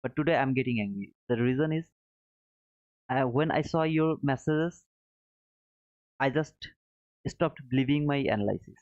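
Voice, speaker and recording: A man hosting a live trading stream talks to his viewers in an apologetic, self-critical way, with non-native phrasing and frequent sentence restarts. His voice is medium-pitched and darkish, at a moderate pace with many pauses. The sound is dry and tinny, like a phone, with no room sound.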